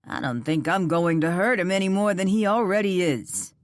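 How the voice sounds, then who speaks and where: A woman narrator voicing an angry man who shouts commands at a stranger, in an audiobook. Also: lowish voice, lively intonation, normal speed, dry recording, studio quality, close to an everyday voice. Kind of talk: audiobook character voice.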